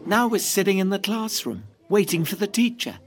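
A woman reading a first-person novel aloud in a lively, cheeky storytelling manner. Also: mid-range voice, moderate pace, very noisy. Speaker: reader.

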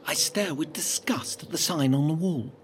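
A man's voice: fairly high pitch, normal speed, a little hiss or hum. A man narrating his own book in the first person, in a wry, dry storytelling manner.

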